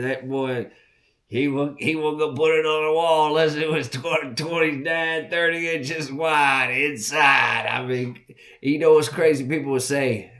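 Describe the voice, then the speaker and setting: A man's voice: on the high side, measured pace. Folksy Southern-accented man telling stories. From Southern Virginia. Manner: folksy, animated, repeats words while telling a story. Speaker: podcast host. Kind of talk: casual storytelling.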